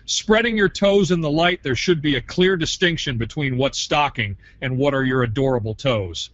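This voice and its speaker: A man calling into a show and reading a prank text in a flat, recited way. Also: medium pitch, moderate pace, no echo, highs cut off.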